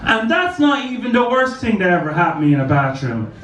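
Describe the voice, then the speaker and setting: A man's voice: sits high, very animated, quick pace, roomy sound, recorded from a distance, background noise. A man doing a stand-up comedy set in a club, telling crude, rambling stories. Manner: crude, rambling anecdotal delivery.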